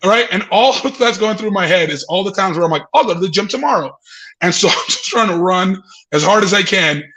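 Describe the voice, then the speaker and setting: A man guest on a comedy podcast, telling a story with sweary, animated storytelling, laughing as he goes. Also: sits high, fairly quick, poor audio. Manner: swearing, laughing mid-story, acting out voices.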